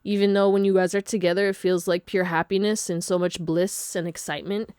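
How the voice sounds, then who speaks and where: A woman's voice: on the low side, little pitch movement, brisk, darkish tone, clean tone, dry recording, studio quality. A woman giving a casual pick-a-card tarot reading. She is chatty, laughs often and throws slangy asides to her viewers. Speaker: tarot reader.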